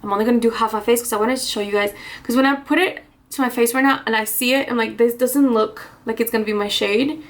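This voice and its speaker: A woman's voice: fairly high pitch, fairly even intonation, fast talker. A woman chatting casually through a get-ready-with-me makeup vlog, rambling with restarts and small laughs, a little out of breath. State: slightly out of breath. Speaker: beauty vlogger.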